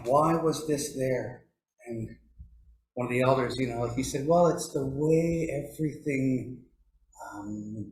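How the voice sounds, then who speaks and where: A man telling stories at a forestry workshop, pausing often with fillers and lifting his pitch when he quotes elders. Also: a little mellow, a little hiss or hum. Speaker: workshop speaker. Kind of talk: storytelling talk. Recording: echoey room.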